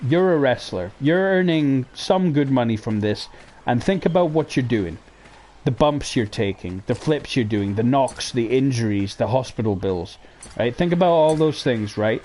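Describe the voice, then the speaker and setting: A man hosting a casual talk show, ranting heatedly with lots of swearing, jumping between loud outbursts and low mutters. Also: animated, normal speed, slight background noise. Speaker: podcast host. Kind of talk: casual opinion rant.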